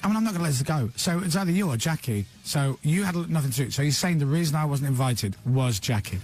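A man's voice: fairly high pitch, expressive, fast, a little mellow. A man hosting a radio show, teasing his guest in casual chat. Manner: teasing, playful. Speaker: radio host.

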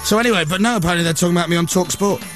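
A man's voice: sits high, rapid-fire, music in the background. A man hosting a radio breakfast show in a studio, telling stories in casual, self-mocking banter with his co-hosts. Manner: chatty, self-mocking storytelling.

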